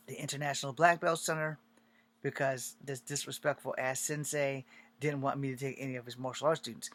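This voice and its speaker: There's slight background noise as this mid-range-voiced man from Virginia, an aspiring filmmaker, tells his long story casually. He's profane and animated, slipping into other people's voices to act out their lines.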